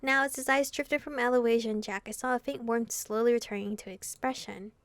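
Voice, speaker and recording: Animated young woman reading a visual novel. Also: a little high, brisk, dry recording. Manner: animated, laughing asides between reading. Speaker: gaming video host. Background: game music.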